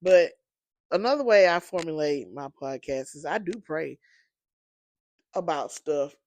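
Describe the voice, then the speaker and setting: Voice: mid-range voice, lively intonation, unhurried, a little mellow. A sleepy, yawning podcast host and apostle, rambling conversationally through a casual solo monologue with many fillers.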